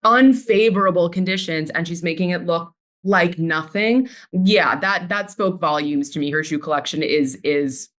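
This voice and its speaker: A woman's voice: lowish voice, normal speed, hardly any pauses. A woman guest on a podcast, talking in a gossipy, emphatic way with casual swearing. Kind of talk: casual chat.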